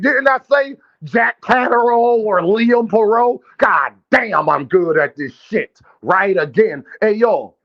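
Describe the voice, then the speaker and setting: A man hosting a live boxing stream, talking brash and profane trash while calling out viewers in his chat. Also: high-pitched. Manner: addresses chat directly, calls out viewers. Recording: dull lo-fi stream audio.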